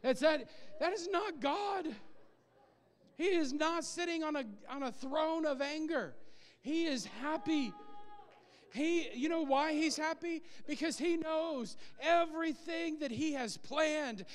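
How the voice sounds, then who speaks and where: A man preaching a sermon, animated, often laughing and acting out scenes, heard with a long hall reverb. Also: very high voice, slow.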